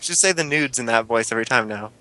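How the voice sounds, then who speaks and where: A man's voice: mid-range voice, fast talker, sharp tone. A man co-hosting a casual podcast, joking and telling stories with acted-out quotes. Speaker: podcast co-host. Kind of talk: casual chat.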